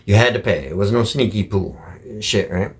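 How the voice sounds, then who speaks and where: A man's voice: fairly low pitch, normal speed. Profane, blunt trucker man ranting. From Michigan, USA. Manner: blunt, swears constantly, folksy slang. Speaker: truck driver vlogger. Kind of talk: casual profane rant to camera.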